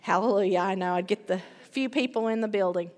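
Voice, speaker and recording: A woman's voice: mid-range voice, quick pace, darkish tone. A middle-aged woman preaching a sermon, emphatic, repeating key phrases and building in intensity. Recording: long reverb of a large hall.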